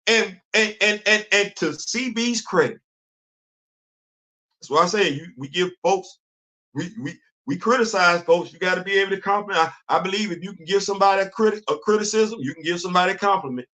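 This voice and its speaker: A man hosting a show, talking in a casual, animated monologue and acting out imagined conversations in informal African American Vernacular English. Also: high-pitched, fairly quick. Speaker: host.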